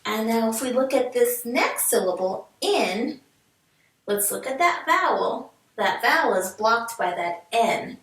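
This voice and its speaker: A cheerful phonics teacher, her voice a little high, delivers a recorded remote reading lesson to young children, unhurried and lively. She sounds words out slowly and clearly, syllable by syllable, encouraging her learners. The mic sits at a distance in an echoey room.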